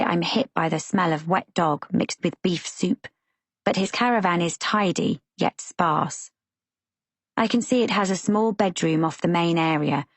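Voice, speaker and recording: A woman reading a romance novel aloud as a calm, measured first-person narrator. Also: lowish voice, breathy edge, no room sound. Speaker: audiobook narrator.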